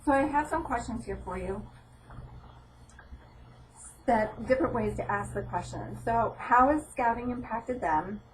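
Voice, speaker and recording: Middle-aged woman presenter, lively storyteller who acts out dialogue; recorded from a distance in a room. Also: a little high, a little slow, long pauses, a little hiss or hum. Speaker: presenter at a training session. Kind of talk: informal training talk with personal story.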